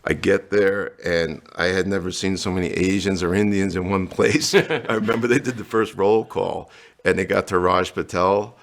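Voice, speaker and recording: A man's voice: low voice, steady tone, normal speed, slight background noise. A middle-aged man from New Jersey, candidly telling his life story in an interview and acting out the lines of people in it. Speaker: guest.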